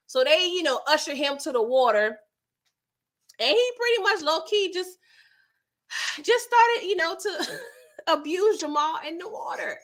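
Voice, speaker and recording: Bright high-voiced woman recapping a show. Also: measured pace, long pauses. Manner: slangy, expressive storytelling. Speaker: TV recap vlogger. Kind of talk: casual episode recap commentary.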